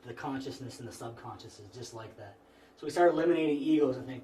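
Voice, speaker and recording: A man's voice: medium pitch, fast. A man giving an informal spiritual lecture to a small group, talking conversationally with frequent restarts. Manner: relaxed, conversational, frequent restarts and "you know". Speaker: class instructor. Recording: echoey room, mic far off, faint noise.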